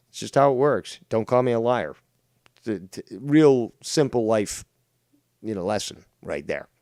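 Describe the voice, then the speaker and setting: A man's voice: medium pitch, expressive, unhurried, warm tone, no room sound, clean studio sound. A man hosting a livestream, ranting at a rival in a mocking, profane, rambling way. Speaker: livestream host. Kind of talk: casual commentary rant.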